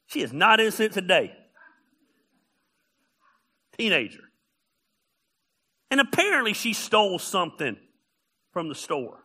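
A man preaching a sermon, telling funny stories and often raising his voice to a shout. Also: sits high, brisk, husky. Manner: animated, often shouting, storytelling. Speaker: pastor.

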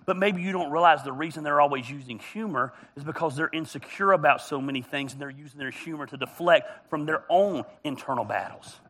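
A man's voice: on the high side, brisk, few pauses, pushed and bright. A man preaching a humorous, storytelling sermon as a pastor, joking and teasing his congregation. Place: church auditorium.

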